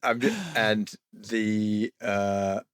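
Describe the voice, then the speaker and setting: A man's voice: on the low side, level tone, extremely slow, smooth, dry recording, clean studio sound. Wry man on a podcast. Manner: wry, self-mocking, hesitant. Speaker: podcast guest. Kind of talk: casual chat.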